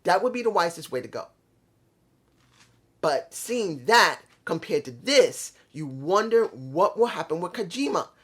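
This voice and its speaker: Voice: mid-range voice, sing-song, measured pace, a bit bright, husky. A wrestling show reviewer talking alone in a casual rant, frustrated, rambling, repeating rhetorical questions, now and then swearing and correcting slips.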